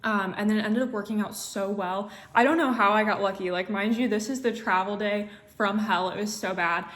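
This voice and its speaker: A young woman from the United States vlogging casually, recounting a travel day in a chatty, animated way with lots of filler words. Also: mid-range voice, fairly quick. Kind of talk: casual storytelling vlog.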